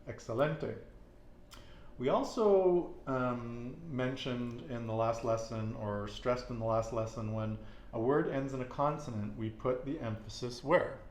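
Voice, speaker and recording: A man with a darkish, medium-pitched voice teaches Spanish at a measured pace. He patiently quizzes his student and encouragingly repeats her answers, recorded in an echoey room with faint noise.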